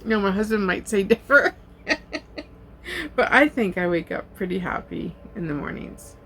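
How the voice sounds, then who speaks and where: Older lady just chatting away on her vlog, lots of ums, kinda gravelly, a little room hiss. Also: mid-range voice, normal speed. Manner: chatty, relaxed, many ums and uhs, laughs. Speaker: diamond art YouTuber. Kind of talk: casual chat answering tag questions. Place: home in an RV.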